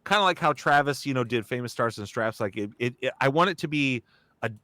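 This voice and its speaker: This young comedian and voice actor, a guest on a live talk show, talks fast and animatedly in a bright, forceful mid-range voice with no echo. His casual story meanders, with frequent restarts and acted-out quotes.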